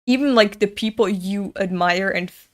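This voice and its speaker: A woman's voice: mid-range voice, moderate pace. Ranting young woman reading comics aloud. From Europe. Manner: ranting, profane, indignant. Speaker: comic reader. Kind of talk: casual read-along commentary.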